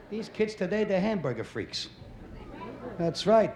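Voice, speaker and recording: A middle-aged man doing a stand-up routine, loud and exasperated as he tells stories. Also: sits high, sing-song, normal speed, a faint crowd. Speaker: stand-up comedian. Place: live comedy stage. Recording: echoey club with loud audience.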